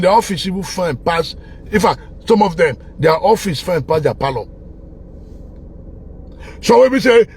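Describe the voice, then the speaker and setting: A man's voice: sits high, slight background noise. A Nigerian man speaking with a Pidgin-flavoured accent, giving a passionate, preachy political monologue full of repetition. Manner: preachy, repetitive, with bursts of laughter and shouting. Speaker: online commentator.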